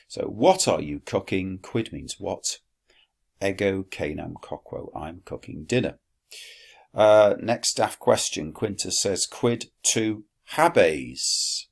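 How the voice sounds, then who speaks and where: A man teaching a Latin lesson, explaining slowly and deliberately with dry, wry asides. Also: low voice, creaky, husky. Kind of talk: recorded classroom lesson.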